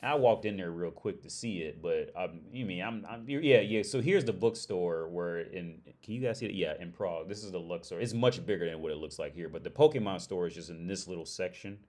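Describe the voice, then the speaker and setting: A man's voice: low-pitched, a little fast, hardly any pauses, a little mellow. A man hosting a casual livestream chat, rambling and restarting his phrases as he talks to viewers. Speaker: livestream host. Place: living abroad in Prague.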